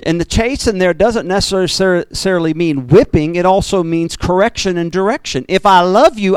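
A man preaching a sermon as pastor, animated, with sudden jumps in pitch and repeated words. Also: moderate pace, clear, resonant tone, no echo.

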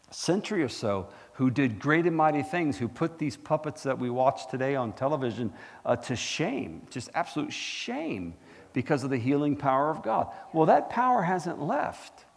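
A man preaching a sermon as pastor, animated and asking the congregation questions. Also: mid-range voice, in a large hall. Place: church.

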